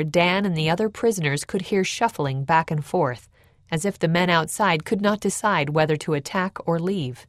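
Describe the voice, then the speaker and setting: Measured woman narrating history. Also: on the low side, dry recording, studio quality. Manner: measured, even storytelling.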